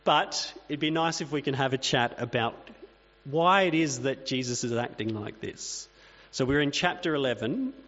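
A man's voice: mid-range voice, moderate pace, a bit bright. A man giving a sermon in a plain, conversational way, with casual asides to the congregation. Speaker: pastor. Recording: dull reverberant hall recording with mains hum.

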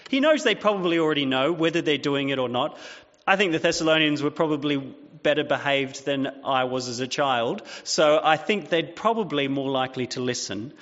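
A man's voice: on the high side, animated, brisk, a bit bright. Man preaching in a reverberant hall. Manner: chatty, self-deprecating storytelling with fillers. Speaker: pastor. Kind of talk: sermon. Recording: dull sound with long hall reverb.

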